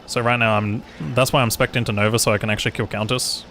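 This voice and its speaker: Low-voiced Australian man rambling casually. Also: level tone, fast, a bit bright, a little hiss or hum. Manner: rambling, full of "like", swears freely. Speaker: streamer. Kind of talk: casual gameplay commentary.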